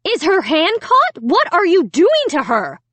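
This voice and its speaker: A furious, panicking mother, as a woman reads her shouts her demands with sharp swings of pitch. She is heard close and dry in a storybook reading. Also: huge pitch swings, measured pace, no room sound, exaggerated voice. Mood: frantic. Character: angry frantic mother of a small girl.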